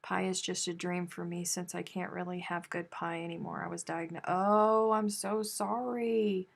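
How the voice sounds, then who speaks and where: Gravelly-voiced woman chatting on a live stream. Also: lowish voice, completely flat delivery, a little fast, a bit bright. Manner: chatty and teasing, reads comments aloud. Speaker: crochet live stream host. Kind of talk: casual live stream chat reading viewer comments.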